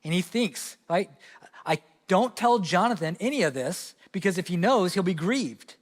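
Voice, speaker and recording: A male pastor with a Midwestern American accent delivers an expository sermon. His voice sits high, and he swings from emphatic peaks to quiet low asides. The sound carries a long reverb from the church hall. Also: normal speed. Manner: expository preaching, animated, rising emphasis and dropping to low asides. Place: church sanctuary.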